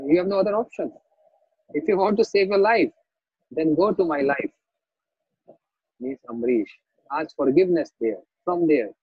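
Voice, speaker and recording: A man's voice: high voice, lively intonation, normal speed, creaky, pauses often, breathy edge, no room sound, highs cut off. A man giving a scripture lecture, telling a story, repeating key phrases and checking that listeners understand. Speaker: spiritual teacher.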